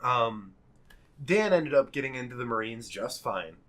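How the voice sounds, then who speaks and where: A young man telling a wild story on a podcast in a casual, animated way. He laughs often, swears freely and acts out the people he quotes. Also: mid-range voice, unhurried.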